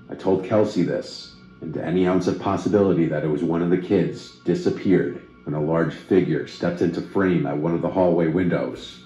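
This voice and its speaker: A man reads a horror story in a steady, even way, with a very deep, mellow voice. The recording is roomy and slightly dull, with faint music underneath. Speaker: story narrator. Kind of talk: scripted horror story narration.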